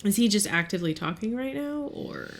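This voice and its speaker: A woman at a tabletop game, describing her character's actions. She speaks casually with ums and pauses. Her voice sits at a middle pitch. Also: animated, creaky. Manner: casual, hesitant with fillers. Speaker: player.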